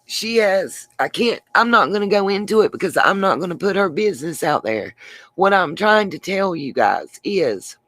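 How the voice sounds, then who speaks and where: On her own channel's livestream, a woman with a lowish, sing-song voice chats casually at a normal pace, rambling, often restarting, and answering viewers by name. Her tone is fairly bright and there's no echo.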